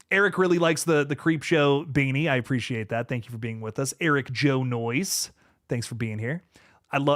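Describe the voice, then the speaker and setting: Chill young guy on a home livestream, kinda high voice, super dry close sound, stumbles over his words a lot. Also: dry recording. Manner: laid-back, repeats and restarts words often. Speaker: livestream host. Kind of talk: casual livestream chat, reading viewer comments aloud.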